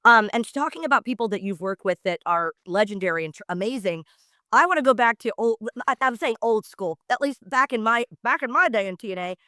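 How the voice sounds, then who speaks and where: A woman's voice: a little high, animated, brisk, sharp tone, no echo, studio quality. A woman in her thirties hosting an interview podcast, gushing and asking long multi-part questions. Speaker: podcast host. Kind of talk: casual interview chat.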